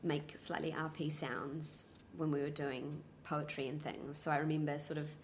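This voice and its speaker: A young woman with a soft, well-spoken New Zealand accent, answering interview questions casually with many ums and restarts. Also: sits low, little pitch movement, normal speed, slight background noise.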